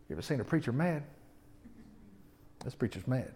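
A male preacher giving an animated sermon and often putting questions to his congregation. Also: medium pitch, moderate pace, long pauses.

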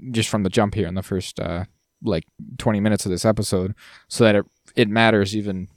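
A man co-hosting a casual podcast, talking in an animated, jokey way that often trails off and restarts. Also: lowish voice, fairly quick, dry recording, studio quality. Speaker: podcast co-host.

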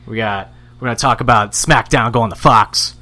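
A man's voice: medium pitch, normal speed, pushed and bright, no room sound. A man hosting a casual podcast, joking around and stumbling over his words. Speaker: podcast host.

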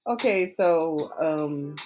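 Laid-back lady cohost, slow drawl, lowish voice, faint music behind. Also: animated, darkish tone, a little hiss or hum. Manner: laughs often, loose and chatty. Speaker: podcast co-host. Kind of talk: casual podcast chat. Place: makeshift home studio. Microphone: laptop recording.

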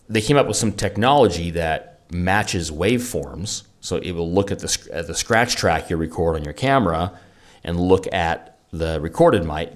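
A man co-hosting a podcast, chatting casually and enthusiastically about audio gear, with lots of restarts. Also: low-pitched. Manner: rambling, restarts often, enthusiastic about gadgets. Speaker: podcast co-host. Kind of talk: casual gear review chat.

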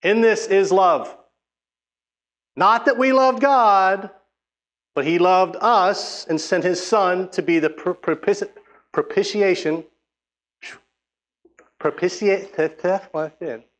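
A man's voice: sits high, slow, pauses often, a bit bright. A man preaching a sermon, reading scripture and urging listeners with emphatic, exhorting speech. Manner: emphatic, exhorting, with frequent restarts.

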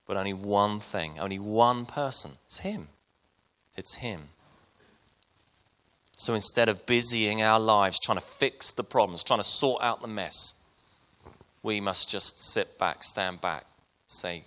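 A man preaching a sermon to his congregation, retelling a Bible story and then speaking softly and personally to the listeners. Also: low voice, slow, pauses often. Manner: storytelling preacher, soft and intimate at the close. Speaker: pastor.

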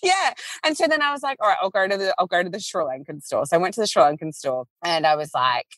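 An Australian woman in her thirties, a small business founder appearing as a podcast guest, tells a story in casual chat. Her voice sits on the low side and moves at a quick pace with no echo. She's animated, acting out quotes and laughing often.

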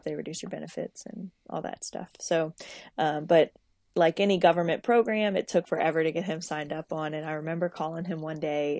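Young woman, low voice, dry close sound, rambling podcast storyteller. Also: a little mellow, no echo. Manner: storytelling with many fillers and restarts. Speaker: podcast co-host, social worker. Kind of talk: casual podcast chat.

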